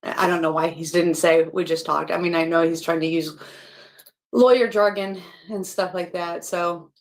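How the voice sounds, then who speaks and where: A woman's voice: fairly low pitch, fairly even intonation, normal speed. A woman chatting casually as she comments live, wry and thinking aloud with asides.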